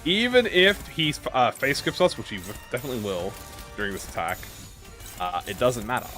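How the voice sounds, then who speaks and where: Male gaming host, mid-pitched voice, animated delivery, casual and profane. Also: normal speed, soft background music. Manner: playful and excitable, swears freely, talks to the game. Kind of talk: casual gameplay commentary.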